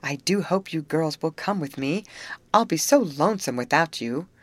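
A woman's voice: low-pitched, lively intonation, moderate pace. A woman reading the part of a polite, earnest teenage girl in an audiobook.

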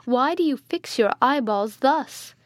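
A woman's voice: sits high, expressive, unhurried, dry recording, studio quality, pitched above the performer's own voice. A woman voicing an anxious, devoted noblewoman in a storybook reading, pleading and soothing.

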